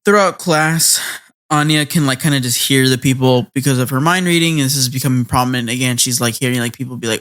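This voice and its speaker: A man's voice: mid-range voice, fairly quick, fairly bright tone. A man co-hosting a casual anime podcast, rambling through episode recaps with lots of fillers and playful character impressions. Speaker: podcast co-host.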